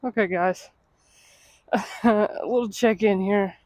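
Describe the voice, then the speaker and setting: A woman vlogging casually to her phone, chatty and self-deprecating, at times out of breath from walking fast outdoors in the cold. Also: mid-range voice, darkish tone, dry recording, rough recording. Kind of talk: casual travel vlog to camera. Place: outdoors on cold city streets.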